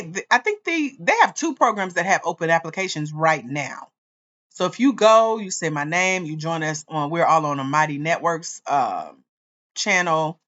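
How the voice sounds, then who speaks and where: A woman hosting a livestream as a grants coach, talking straight to her viewers in an excited, chatty way. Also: on the low side, lo-fi sound. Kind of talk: casual livestream chat.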